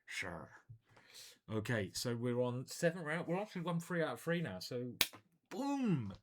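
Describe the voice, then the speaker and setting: A man commentating his own online chess games live, thinking aloud in a playful, animated way. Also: mid-range voice, normal speed.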